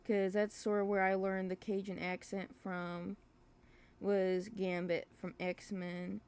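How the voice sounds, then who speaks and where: A woman's voice: medium pitch, little pitch movement, slow pace, a little mellow, clear, resonant tone. Rambling, hesitant woman chatting on a livestream. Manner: rambling, hesitant, full of fillers and restarts; self-deprecating, apologetic. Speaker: webcomic creator streaming live. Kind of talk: casual livestream chat.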